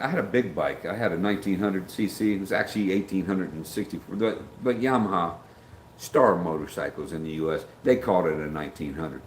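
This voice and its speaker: A man's voice: sits low, slight background noise. A middle-aged man hosting a casual livestream, rambling as he greets chat viewers by name. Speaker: livestream host. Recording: roomy with faint background ambience.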